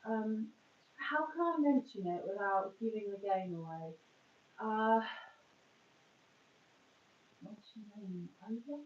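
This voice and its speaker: A woman's voice: mid-range voice, slow, pauses often, a little hiss or hum. A woman streaming live, chatting casually while she does her makeup, rambling and breaking off mid-sentence. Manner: chatty, rambling, self-interrupting. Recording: roomy, distant, dull sound.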